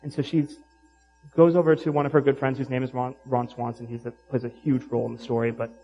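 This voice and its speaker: Male pastor, mid-pitched voice, storytelling sermon over soft background music. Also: little pitch movement, fast, dull audio. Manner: retells a story with quoted lines, then asks the audience pointed questions.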